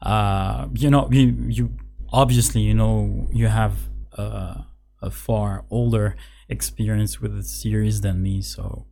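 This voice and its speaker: A father chatting casually, halting often with fillers and restarts. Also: fairly low pitch, fairly even intonation, gravelly, warm tone, faint music behind. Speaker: parent, podcast co-host. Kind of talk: casual chat.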